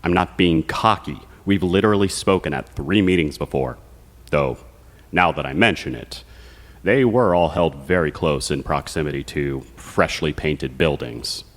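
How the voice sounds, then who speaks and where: A man's voice: a bass voice, normal speed. An actor playing a coldly smug, scheming male foreman who is also a doctor, speaking in a silky, condescending, menacing way. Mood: dry. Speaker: villain.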